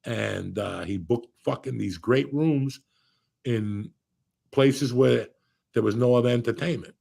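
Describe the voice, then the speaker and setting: A man telling stories in a casual chat, profane and rambling, with a gravelly, raspy voice. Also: medium pitch, a little slow, warm tone. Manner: profane, storytelling. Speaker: podcast host.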